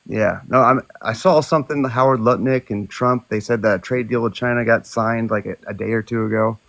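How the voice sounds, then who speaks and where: Gravelly guy, kinda hesitant, trips over his words in a debate. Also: medium pitch, a little fast, fairly bright tone. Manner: hesitant, stammering restarts. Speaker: debate guest. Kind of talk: casual political debate.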